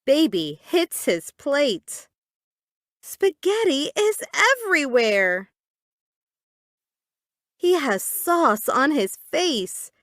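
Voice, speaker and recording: A woman reading children's stories aloud for English learners in a clear, deliberate, expressive way. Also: sits high, no room sound, clean studio sound. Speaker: audiobook reader.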